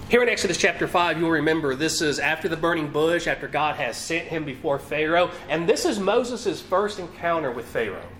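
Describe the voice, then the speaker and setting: A man's voice: a little high, a bit bright, slight background noise. A man preaching a sermon, reading scripture aloud and putting rhetorical questions to his listeners.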